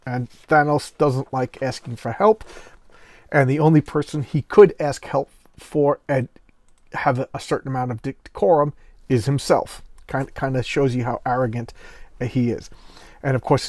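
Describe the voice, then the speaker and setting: A man hosting casual comic book commentary, retelling a story in an animated, rambling way. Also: mid-range voice, normal speed, dry recording.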